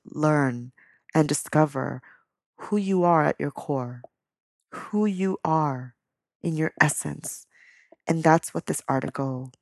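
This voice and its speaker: A low-pitched woman with a gravelly edge to her voice, speaking as a spiritual coach. She talks softly and reflectively, pausing often. The recording is close and dry. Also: no echo. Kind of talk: spoken talk then storytelling reading.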